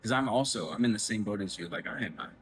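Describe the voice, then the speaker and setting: A man hosting a festival interview, earnest and agreeable, sounding softly moved. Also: fairly low pitch, expressive, fast talker, a little hiss or hum, poor audio. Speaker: podcast host. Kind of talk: casual interview chat. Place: festival booth, indoors.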